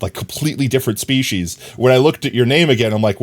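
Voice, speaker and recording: Speaking quickly and barely pausing, a medium-pitched man rambles through a casual live stream. He laughs often and reads the chat aloud as viewers send messages.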